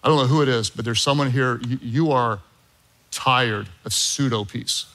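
A man's voice: medium pitch, normal speed, fairly bright tone. A middle-aged man preaching a sermon, telling a story with jokey asides to his congregation. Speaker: pastor.

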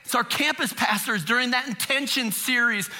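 A man's voice: extremely high pitch, moderate pace, bright, forceful tone. A middle-aged man preaching a sermon as pastor, conversational and humorous, with frequent rhetorical questions.

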